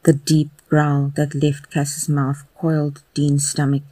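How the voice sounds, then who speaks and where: A podcast narrator giving a slow, even, intimate audio fan fiction reading. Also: mid-range voice, dry recording.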